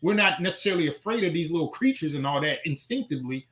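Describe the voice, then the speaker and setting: A man from Chicago in casual podcast talk, telling a relaxed personal story as host. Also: on the high side, fast talker, roomy sound, poor audio. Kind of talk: casual chat.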